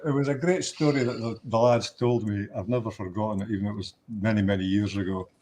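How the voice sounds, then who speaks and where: A Scottish man with a lowish voice tells an anecdote in a radio chat. He talks easily, restarts his sentences often and chuckles along the way. A faint hiss of noise sits behind him. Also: fairly even intonation, quick pace, darkish tone. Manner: chatty anecdotes with restarts, laughing at his own punchline. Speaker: guest musician.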